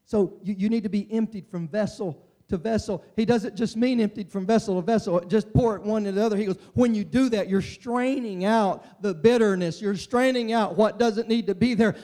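Preacher, male, high-pitched voice, impassioned sermon delivery that swings from hushed to near-shouting. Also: moderate pace, hardly any pauses.

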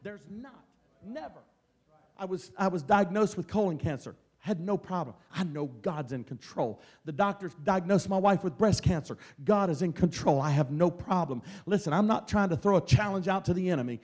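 A middle-aged man from Mississippi, a traveling evangelist, telling stories that build into loud, shouted Pentecostal preaching. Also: high voice, expressive, normal speed. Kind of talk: Pentecostal sermon.

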